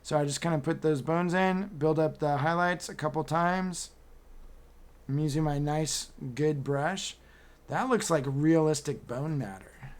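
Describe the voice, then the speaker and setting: A man's voice: a little high, unhurried. A man teaching a miniature painting class over a video call, talking casually and joking as he works. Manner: casual, joking, chatty while working. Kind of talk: live online painting class. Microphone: computer mic on video call.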